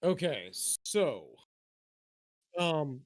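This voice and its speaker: A man rambling through a casual podcast chat, his voice rising and falling a lot. He sits a little high for a man and keeps restarting his sentences as he goes. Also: very slow. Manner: rambling, animated, many restarts. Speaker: podcast co-host.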